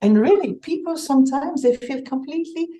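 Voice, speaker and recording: A woman from Belgium, an executive coach telling stories in a conversational interview, animated and restarting her words often. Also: sits high, brisk, rough recording.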